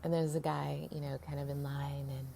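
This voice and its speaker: A woman tells a rambling personal story straight to camera, laughing often and slipping into whispers. Her voice sits fairly low, with a gravelly, mellow texture. Faint background noise runs under the recording. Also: little pitch movement, normal speed. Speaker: vlogger.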